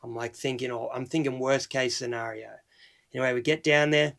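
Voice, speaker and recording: A man's voice: mid-range voice, a little fast, vocal fry. A young Australian man casually telling a story on his vlog, acting out the lines of the people he met. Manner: animated, retells dialogue in quotes. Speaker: vlogger.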